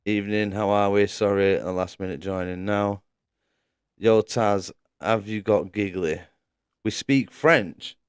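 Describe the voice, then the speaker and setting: Chatty low-voiced male stream commentator. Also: little pitch movement, a little slow, darkish tone, clear, resonant tone, no echo, studio quality. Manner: chatty, laughs often, reads out chat. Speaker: sim racing league commentator. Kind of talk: casual live-stream chat.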